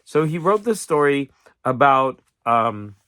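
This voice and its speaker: A man's voice: mid-range voice, sing-song, takes it slowly, fairly bright tone, clean tone, dry recording, studio quality. A man hosting a casual, rambling chat about books he has read, often breaking off and restarting his sentences. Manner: rambling, self-interrupting, chuckling. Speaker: channel host.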